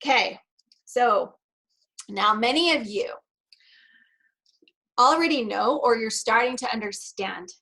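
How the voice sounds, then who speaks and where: A woman with a slightly raised pitch presents at a virtual conference. She tells a personal story in a relaxed, chatty way, laughing along, and later reads from prepared notes. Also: takes it slowly, gravelly, long pauses, low-quality recording. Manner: partly reading prepared remarks. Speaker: NLP practitioner and speaker.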